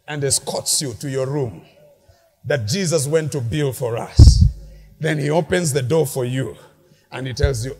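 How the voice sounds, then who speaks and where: A male pastor preaching a lively sermon in a large church hall, mixing shouted peaks with playful asides. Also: mid-range voice, normal speed, creaky, husky. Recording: long hall reverb from a church.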